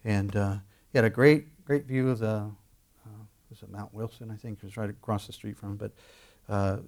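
A man's voice: lowish voice, fairly even intonation, moderate pace, darkish tone. Conversational man preaching a sermon. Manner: conversational, with bursts of emphasis and many restarts. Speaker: pastor.

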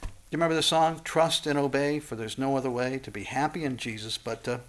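A pastor delivering a sermon and reading scripture, impassioned, his voice climbing high and loud on warnings and then dropping low and soft. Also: a little fast.

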